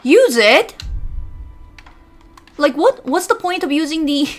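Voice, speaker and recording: High-pitched woman yelping over game music. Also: sing-song, takes it slowly. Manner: yelling, swearing, frantic outbursts. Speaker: streamer. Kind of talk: gameplay commentary.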